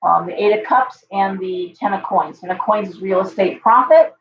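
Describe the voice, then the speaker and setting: A woman's voice: mid-range voice, moderate pace, slight background noise. Woman, tarot reading on a live stream, losing her voice, reassuring, talks to viewers, echoey room, muffled sound. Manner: chatty, reassuring, addresses viewers directly. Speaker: tarot reader hosting a live show. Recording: roomy, slightly dull live-stream audio.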